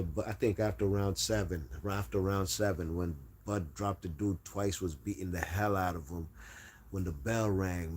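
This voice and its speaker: A man's voice: low-pitched, darkish tone. A man hosting a casual boxing livestream, reading chat aloud and talking trash.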